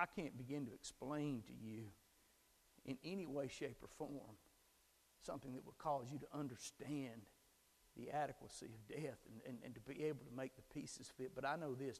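A man preaching a sermon, moving from calm storytelling to fervent, shouted proclamation. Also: medium pitch, moderate pace, husky, long reverb tail. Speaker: pastor.

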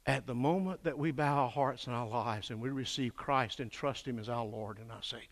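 An older man preaching a fervent sermon, swinging from hushed lines to shouted peaks and calling for answers from the congregation. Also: medium pitch, a little fast, few pauses. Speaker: pastor. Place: church sanctuary. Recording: echoey church hall.

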